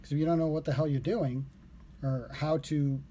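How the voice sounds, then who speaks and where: A man's voice: a little high, fairly even intonation, moderate pace, dark tone, a little hiss or hum. A man casually talking a viewer through what he learned, rambling and correcting himself as he goes. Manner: rambling, with fillers and self-corrections. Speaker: language learner vlogger. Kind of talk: casual explanation to camera.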